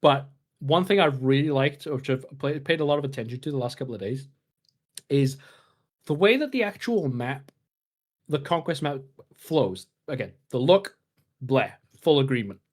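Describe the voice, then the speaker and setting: A man's voice: medium pitch, expressive, moderate pace. A man co-hosting a gaming podcast, walking through game strategy in casual chat with frequent restarts and fillers. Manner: explains at length, many filler restarts. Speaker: podcast co-host.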